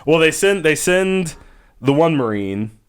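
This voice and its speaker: A man's voice: on the high side, sing-song, measured pace, clean tone. A man co-hosting a podcast, casually recapping a movie in a rambling way and acting out its lines. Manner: rambling, acts out movie quotes. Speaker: podcast co-host. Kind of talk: casual movie review chat.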